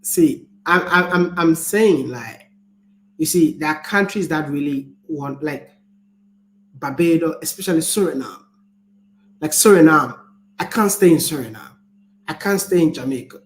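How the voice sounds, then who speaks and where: A man's voice: a little high, measured pace, long pauses. A Ghanaian man, a travel vlogger with a Ghanaian accent, chatting casually and animatedly, often restarting his words. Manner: animated, laughs often, repeats words when starting. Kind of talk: casual chat. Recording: echoey room, faint background noise.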